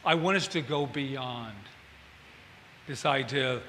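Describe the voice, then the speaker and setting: Bright-voiced man preaching in a hall. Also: mid-range voice, slow. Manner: animated, acts out film scenes. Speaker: minister. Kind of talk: sermon. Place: church hall. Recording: church hall reverb, faint room noise.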